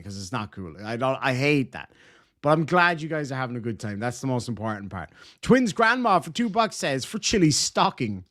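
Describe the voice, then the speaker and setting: A man casually reading out super chats on a livestream, animated and full of swearing and quick thank-yous. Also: medium pitch. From Ireland.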